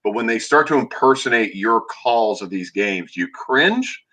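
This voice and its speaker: Man, host, bright tone, joking, teasing. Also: mid-range voice, animated, low-quality recording. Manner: joking, teasing, quick bursts. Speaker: podcast host. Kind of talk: casual podcast chat.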